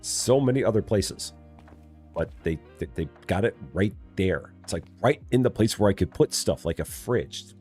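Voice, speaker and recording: Male streamer, lower voice, very lively swings in pitch, chatty and jokey, faint music behind. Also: moderate pace. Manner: chatty, talks to himself and chat, jokey mock voices. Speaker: streamer playing a store simulator. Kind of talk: casual live-stream commentary.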